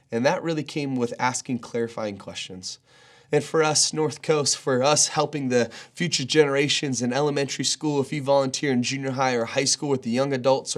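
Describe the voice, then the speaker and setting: A man in his thirties, a pastor, giving an earnest, conversational daily devotional with frequent fillers. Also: mid-range voice.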